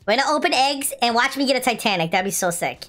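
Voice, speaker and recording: A woman's voice: fairly high pitch, fast talker. A young adult woman giving casual gameplay commentary, pleading for good loot, complaining and then cheering. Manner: excitable, pleading, complains then shouts with joy. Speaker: gaming video host. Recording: light music in the background.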